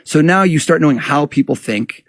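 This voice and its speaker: A man guest on a podcast, relaxed and explanatory, often tagging questions with "right?". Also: on the high side, normal speed, no echo, clean studio sound. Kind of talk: casual interview talk.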